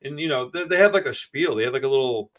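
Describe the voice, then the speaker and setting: A man's voice: medium pitch, expressive, fast talker. A man in casual podcast chat, rambling and swearing freely as he tells stories. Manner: profane, rambling storyteller.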